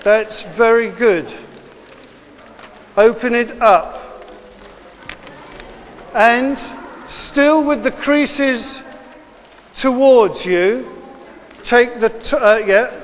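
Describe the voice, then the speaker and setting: A man, a teacher, giving a class of children step-by-step instructions in a brisk, encouraging way that repeats each step. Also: very high-pitched, long reverb tail, slight background noise.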